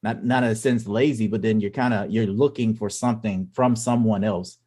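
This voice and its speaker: Low-voiced rambling male podcast host. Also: steady tone, a little fast, dark tone. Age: adult parent. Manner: rambling, many restarts and filler phrases. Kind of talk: casual podcast chat.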